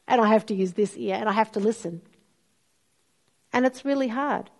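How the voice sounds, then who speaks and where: A woman's voice: mid-range voice, moderate pace, creaky. A middle-aged woman, preaching a sermon and telling stories expressively. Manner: storytelling, expressive, acts out quoted voices.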